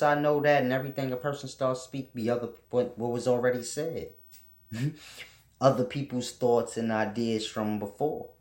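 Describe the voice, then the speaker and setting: A man's voice: on the low side, roomy sound. A man hosting his own channel, delivering a casual, preachy monologue full of blunt, profane rants. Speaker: channel host teaching spiritual ideas.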